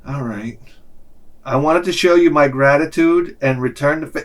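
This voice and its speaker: A man, hosting a channel and telling a rambling story in a casual vlog, swinging between loud outbursts and muttered asides while acting out the people in it. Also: fairly high pitch, normal speed, slight background noise. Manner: animated, swings loud and quiet, acts out quotes. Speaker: channel host.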